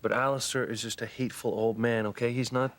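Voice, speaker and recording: A man's voice: mid-range voice, fast talker, slight background noise, lightly acted. An actor playing a defiant young man brushing off worry dismissively. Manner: dismissive, calming.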